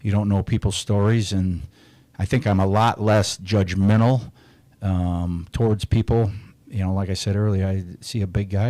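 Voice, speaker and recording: A man's voice: lowish voice, fairly even intonation, moderate pace, dark tone, no room sound. A man in his forties talking candidly as a podcast guest, blunt and profane but reflective about emotions. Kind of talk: candid casual chat.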